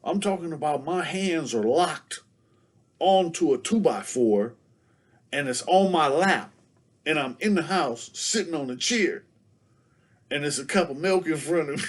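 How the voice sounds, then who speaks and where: A man telling a casual story as a show guest, packing nearly every phrase with "you know what I'm saying.". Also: medium pitch.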